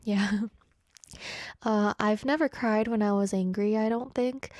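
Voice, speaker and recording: A woman's voice: on the high side, a little mellow, no room sound, studio quality. Giggly young woman radio host. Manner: giggly, chatty, self-deprecating. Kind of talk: casual radio chat reading listener messages. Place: radio studio. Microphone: studio microphone.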